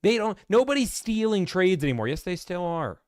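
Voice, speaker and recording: A man hosting a casual Q&A stream, blunt and ranting, acting out salesmen in quick put-on voices. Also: high voice, big pitch swings, a little mellow, no room sound, clean studio sound. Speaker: host answering viewer questions. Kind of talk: casual livestream Q&A.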